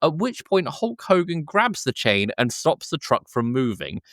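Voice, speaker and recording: A man co-hosting a podcast, retelling a film scene by scene in casual chat, laughing often and slipping into quick voices for the characters. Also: a little high, sing-song, fairly bright tone, dry recording, clean studio sound. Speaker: podcast co-host.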